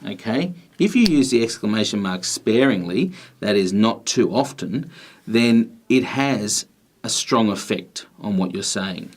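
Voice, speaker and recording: A man with a somewhat low voice teaches a grammar video lesson. He explains patiently and deliberately, pausing between phrases as he goes. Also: lively intonation. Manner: patient, measured explaining with pauses.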